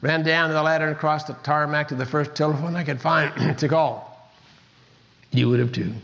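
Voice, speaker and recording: Older male speaker, gravelly, earnest storyteller, dull lo-fi recording. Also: a little high, fairly even intonation, normal speed, fairly bright tone. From Kansas. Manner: earnest storytelling with emphatic repetition. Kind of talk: motivational talk.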